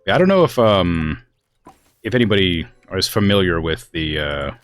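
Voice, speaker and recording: A man's voice: sits low, fairly bright tone. A man from the US West Coast streaming a game, chatting casually and rambling with lots of fillers. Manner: rambling, filler-heavy, exasperated about family. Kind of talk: casual chat while gaming.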